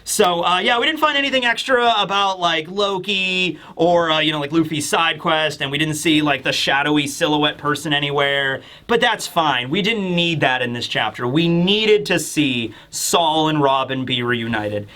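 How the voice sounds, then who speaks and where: A man's voice: fairly high pitch, lively intonation, normal speed, hardly any pauses, bright, forceful tone. A man hosting a casual manga review, talking in a rambling, enthusiastic way. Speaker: host.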